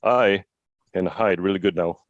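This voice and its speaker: A man's voice: sits low, normal speed, no echo, highs cut off. A man playing a tabletop game, in character and goofy. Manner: goofy, joking. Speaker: player.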